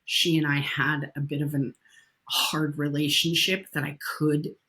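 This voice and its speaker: A woman's voice: deep voice, little pitch movement, unhurried, sharp tone. A woman talking as a podcast guest in a casual interview, telling stories bluntly and candidly and swearing casually.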